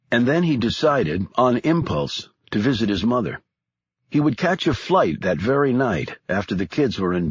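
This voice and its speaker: A man narrating a spy thriller audiobook in a steady, measured storytelling voice. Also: on the low side, slightly rough, dry recording, dull audio.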